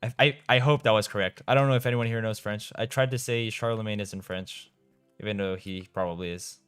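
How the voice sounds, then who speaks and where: A man's voice: lowish voice, steady tone, fairly quick, fairly bright tone, clean tone, no room sound, faint music behind. A young man from Europe, chatting casually on a game live stream, reading out and answering chat and laughing often. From Eastern Europe. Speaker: gaming streamer.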